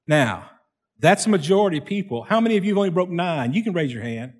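A man's voice: sits high, big pitch swings, fast. A man preaching a sermon, telling a folksy story before he asks the congregation questions.

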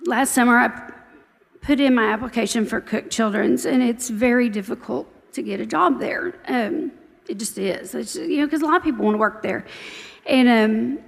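With a fairly high, creaky voice at normal speed and a long reverb trailing behind, a church member in her forties shares her testimony. Her telling is conversational and story-driven, full of warm gratitude.

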